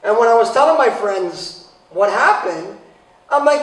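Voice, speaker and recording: A man with a fairly high voice tells a funny personal story from a stage, dry and sarcastic, and now and then he bursts out loud and excited. He is heard from a distance in a very echoey hall, with faint noise behind him. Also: moderate pace. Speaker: speaker giving a talk. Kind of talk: humorous personal talk.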